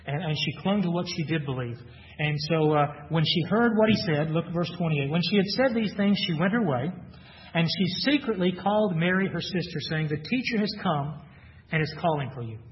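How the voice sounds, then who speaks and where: A man's voice: on the high side, animated, fairly quick. A man preaching an expository sermon, reading scripture aloud and then explaining it earnestly. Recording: muffled, reverberant hall recording.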